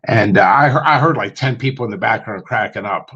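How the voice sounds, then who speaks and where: A man's voice: lowish voice, fairly quick, a bit bright, breathy edge, lo-fi sound. A man telling stories in a casual livestream chat, rambling with lots of ums and restarts and putting on voices when he quotes people. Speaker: guest on a livestream chat show.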